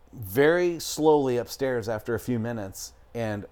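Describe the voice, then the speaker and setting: A man's voice: medium pitch, lively intonation, measured pace, warm tone. Rambling man telling a spooky story. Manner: rambling, profane, lots of "like" and "I'm talking". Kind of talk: casual storytelling.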